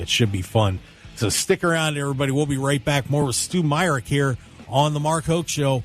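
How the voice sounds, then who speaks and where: A man hosting a radio talk show from a studio by himself, upbeat and animated, hollering and laughing between topics. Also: on the high side, fairly quick, soft background music. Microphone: studio microphone.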